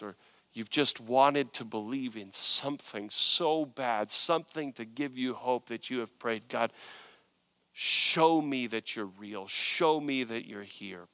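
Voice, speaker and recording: A man's voice: medium pitch, a bit bright, no echo. A male pastor preaching a sermon in an earnest, conversational way, often searching for words and restarting.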